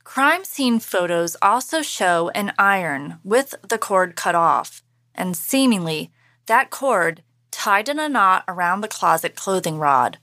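A woman hosting a podcast, giving measured, scripted true-crime narration. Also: medium pitch, sing-song, bright, forceful tone, dry recording, studio quality.

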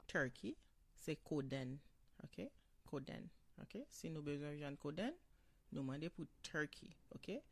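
Haitian-accented male teacher, unhurried gravelly delivery, dry close sound; patient vocabulary drills. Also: fairly high pitch, lively intonation, no room sound. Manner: slow, repeats each word, ends phrases with "ok?". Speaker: language teacher. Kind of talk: bilingual vocabulary lesson.

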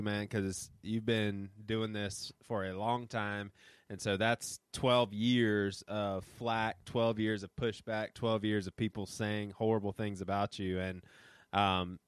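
A man's voice: on the low side, a bit bright, smooth, no room sound, studio quality. A man hosting a podcast, speaking in an earnest, heartfelt way. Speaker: podcast host. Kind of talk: casual podcast conversation.

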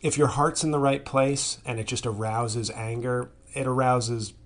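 A man's voice: medium pitch, steady tone, measured pace. A man in his thirties hosting a podcast, telling a rambling, crude, self-mocking comic monologue. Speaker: podcast host. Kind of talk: casual comedic monologue.

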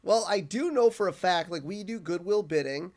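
A man from Minnesota co-hosting a casual podcast, picking apart plot holes with animated energy. His voice sits a bit high for a man, and he often restarts his words mid-thought. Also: moderate pace. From Minnesota, USA. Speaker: podcast co-host. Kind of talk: casual chat.

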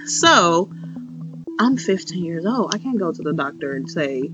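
With a measured pace and a lowish, sing-song voice, a young woman in her twenties from Chicago relates her own experiences frankly, full of fillers and re-enacted past thoughts. Faint music plays behind a slightly muffled recording.

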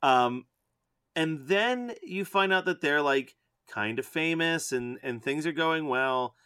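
Man, casual movie podcast, bright tense tone, dry close sound, laughs a lot. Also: on the high side, slow, smooth, no room sound. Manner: animated, laughs often, puts on accents. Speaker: podcast co-host. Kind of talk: casual movie review chat.

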